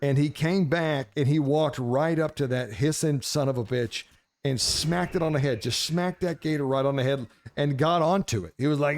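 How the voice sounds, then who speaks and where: A man telling a story casually, animated and profane, laughing as he goes. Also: on the high side. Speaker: gaming streamer.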